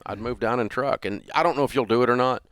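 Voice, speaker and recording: A man's voice: mid-range voice, quick pace, fairly bright tone, clean tone, no room sound. A man in his sixties hosting a call-in money advice show, telling stories in a folksy way with lots of fillers. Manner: folksy storytelling, frequent fillers and restarts. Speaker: radio show host.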